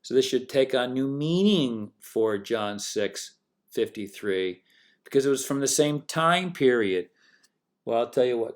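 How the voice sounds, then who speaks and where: Man, casual monologue to camera, mocking, combative, sarcastic asides, restarts and self-corrections, mid-pitched voice. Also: lively intonation, measured pace. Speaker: online religion commentator. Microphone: webcam or desk mic, talking to camera.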